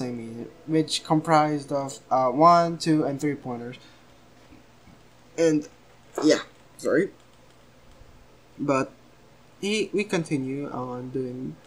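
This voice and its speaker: A young man casually retelling a fan story, rambling and hesitant with many fillers, often apologizing. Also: a little high.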